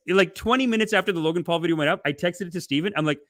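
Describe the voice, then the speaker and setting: A man hosting a casual livestream, reading donations and ranting, swinging between loud outbursts and muttered asides. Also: high voice, fast talker, few pauses, no room sound, clean studio sound. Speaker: livestream host.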